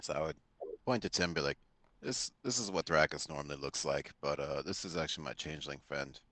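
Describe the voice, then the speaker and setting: A man with an extremely deep voice playing a tabletop game, relaxed and wordy as he lays out his plans. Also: a little fast. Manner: relaxed, explains plans at length. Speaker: player.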